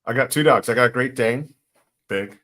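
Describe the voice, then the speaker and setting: A man co-hosts a casual livestream and gives blunt, plainspoken advice. His voice is mid-pitched and even. He talks in a relaxed, conversational way. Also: moderate pace. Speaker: livestream co-host.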